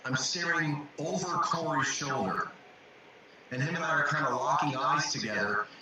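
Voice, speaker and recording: A man's voice: a little high, expressive, normal speed. A man who works as a coach, talking reflectively on a video call and repeating words as he searches for them. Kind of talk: casual video chat. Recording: echoey, distant from mic, loud background noise.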